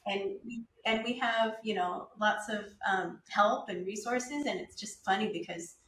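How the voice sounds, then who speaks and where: A woman co-hosting a podcast, talking in a relaxed and reflective way. Her voice is mid-pitched and echoes around a roomy space. A faint hum sits behind her. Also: a little slow, distant mic. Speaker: podcast co-host. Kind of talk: casual chat.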